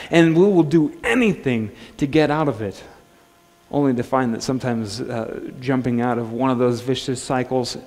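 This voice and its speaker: A male pastor preaching a sermon in a relaxed, conversational way, joking and restarting his phrases. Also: medium pitch. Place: church sanctuary. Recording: long church-hall reverb.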